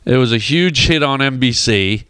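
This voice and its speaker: A man, a comedian, telling stories in casual chat as a guest in a radio studio, animated and acting out voices. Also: mid-range voice, normal speed, clear, resonant tone, dry recording. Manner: animated storyteller who acts out voices. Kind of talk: casual storytelling on a radio show.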